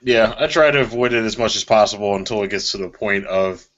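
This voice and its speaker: A man's voice: lowish voice, fast, a bit bright, dull audio. A man co-hosting a casual wrestling chat, matter-of-fact and knowledgeable.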